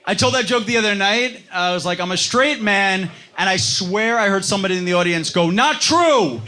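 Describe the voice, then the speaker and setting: A man's voice: sits high, fairly even intonation, fairly quick, background noise. A young man doing a self-deprecating stand-up set on a club stage, acting out other people's voices. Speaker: stand-up comedian. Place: comedy club stage before a live audience. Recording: live club set with loud crowd laughter. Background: audience laughter.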